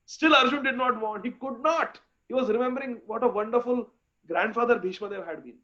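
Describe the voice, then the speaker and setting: A man giving a devotional scripture lecture, chanting verses slowly and speaking with fervent emphasis. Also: very high-pitched, bright, forceful tone. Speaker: speaker in a scripture class series. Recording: dull lo-fi recording.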